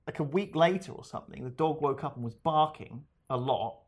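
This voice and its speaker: A man's voice: fairly high pitch, a little fast. A man with a slightly raised voice tells a story to a friend in loose, easy chat. He rambles and restarts his sentences as he goes. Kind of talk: casual chat.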